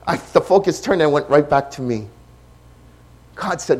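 A man preaching a sermon as pastor, impassioned, shifting between hushed and loud delivery. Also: sits high, big pitch swings, moderate pace.

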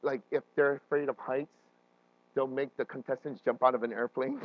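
A man preaching a sermon as a pastor, animated and often checking in with his listeners, with frequent restarts and fillers. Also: mid-range voice, moderate pace, no room sound, narrow, tinny audio.

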